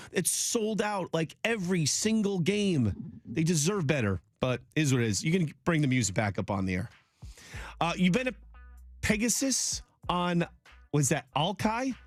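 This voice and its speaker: A man hosting a sports radio talk show, rambling and joking in a loose, animated way. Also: sits high, dry recording, studio quality. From Polish heritage.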